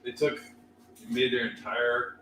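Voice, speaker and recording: A man's voice: medium pitch, little pitch movement, takes it slowly, reverberant, far from the mic, background noise. A man working as the show's producer, giving short agreeing replies to the host.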